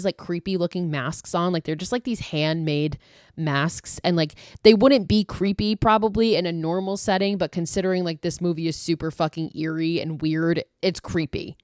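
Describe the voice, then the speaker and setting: A woman with a somewhat low voice hosts a podcast and walks through a horror film's plot in a loose, chatty way. She leans on filler words and the odd swear. The sound is dry and close, with no room around it. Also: fairly quick, darkish tone, dry recording. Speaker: podcast host. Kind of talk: casual horror movie recap.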